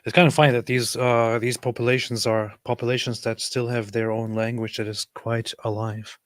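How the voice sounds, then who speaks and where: A man's voice: medium pitch, little pitch movement, normal speed, no echo. A man co-hosting a live stream, chatting casually and wryly and reading out viewer comments. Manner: laid-back, wry, reads viewer comments. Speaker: co-host of a live talk stream.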